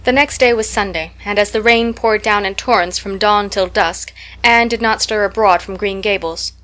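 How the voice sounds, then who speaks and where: A woman's voice: medium pitch, moderate pace, fairly bright tone. Woman reading a classic audiobook. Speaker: audiobook narrator. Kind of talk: scripted narration.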